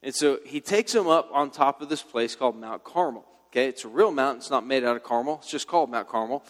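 A man preaching a sermon, retelling a story in a casual, animated way. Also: medium pitch, fast talker, big-room sound.

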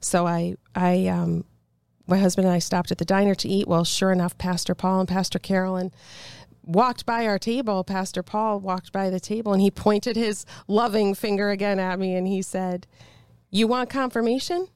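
A woman's voice: medium pitch, moderate pace, clean tone, no echo. A middle-aged woman, a congressional candidate, telling a personal story of faith in an interview and acting out the voices of the people in it. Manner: animated storyteller, acts out quoted dialogue.

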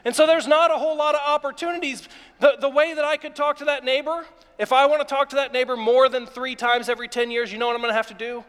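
Pastor, male, from Ohio; high voice, animated storyteller, reverberant large hall. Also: fast talker, smooth. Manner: animated storytelling preacher, acts out yelling at his dog. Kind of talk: sermon.

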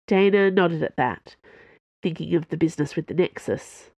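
A woman narrating a story in a calm, measured, scripted way. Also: sits low, gravelly, dry recording. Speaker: audiobook narrator.

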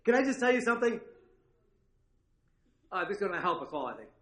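A man's voice: sits high, sing-song, quick pace, fairly bright tone, echoey room. A male pastor preaching a sermon in a conversational way, with frequent asides and check-ins with his listeners.

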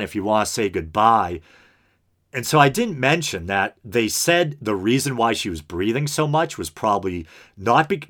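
A man's voice: on the low side, fairly bright tone. A man hosting an unscripted podcast, talking in an earnest, rambling way with lots of fillers and restarts. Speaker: podcast host.

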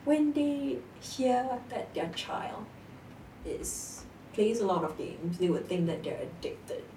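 A woman's voice: fairly high pitch, slow. Young woman chatting in an echoey room. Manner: animated storytelling, laughs often. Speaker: guest. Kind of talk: casual chat. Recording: echoey room, distant mic, faint noise.

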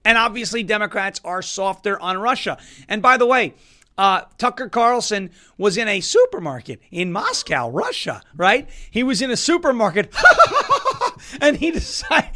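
High, bright-voiced sarcastic male host. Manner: sarcastic, joking. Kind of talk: political commentary show.

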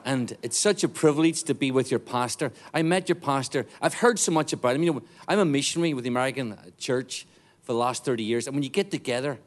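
A man's voice: medium pitch, fast. A middle-aged man with a Northern Irish accent, a guest missionary preaching a joking, fervent sermon to a church congregation. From Northern Ireland. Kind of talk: sermon with jokes.

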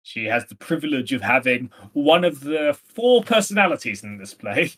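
A man's voice: mid-range voice, very animated, normal speed, fairly bright tone. A man co-hosting a podcast, talking casually about a play, rambling with lots of fillers and hedges. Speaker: podcast co-host. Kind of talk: casual literary discussion.

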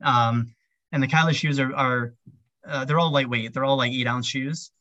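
A man's voice: medium pitch, fairly even intonation, normal speed, sharp tone, no room sound, lo-fi sound. A man chatting casually as an interview guest, rambling with lots of "um" and "like" fillers. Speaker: podcast guest, ultrarunner.

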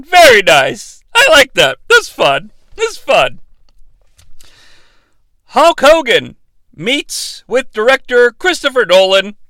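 A man hosts a comedy bit with a lively, swinging delivery. His voice is gravelly and bright. The sound is close and dry. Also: high-pitched, no room sound. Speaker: comedy show host. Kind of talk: comedic reading of AI prompts.

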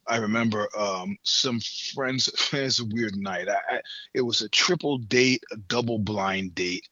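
A man's voice: on the low side, sharp tone, no echo, muffled recording. A middle-aged man from the United States in casual chat, rambling through stories with swearing and laughter. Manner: rambling, profane, laughs between points. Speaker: podcast guest.

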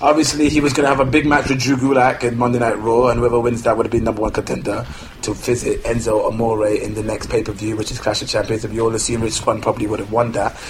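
A man co-hosting a casual podcast, relaxed and rambling, often laughing as he recaps news. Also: medium pitch, fast. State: has a toothache. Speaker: podcast co-host. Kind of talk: casual chat. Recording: noisy home recording with clicks.

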